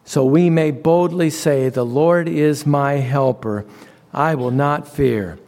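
A man preaching a sermon, slow and deliberate, leaning on repeated phrases for emphasis. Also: on the high side, darkish tone. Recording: long reverb.

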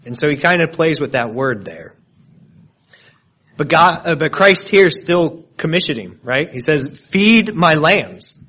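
A man's voice: on the high side, expressive, unhurried, pushed and bright, breathy edge. A man preaching an expository sermon, explaining word meanings with frequent restarts and repeated words.

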